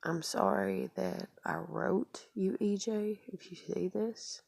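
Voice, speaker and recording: Low gravelly woman rambling in a confessional vlog. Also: big pitch swings, takes it slowly, darkish tone, no echo. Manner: rambling, frequent fillers, trailing into whispered asides. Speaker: vlogger.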